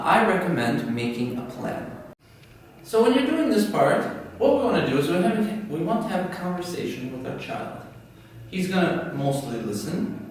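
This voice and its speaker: Man, online teacher, animated delivery, very echoey room, distant mic. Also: fairly high pitch. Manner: animated, talks fast, demonstrates phrases. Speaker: English teacher for parents. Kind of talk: online lesson. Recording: echoey room, far from mic, faint hum.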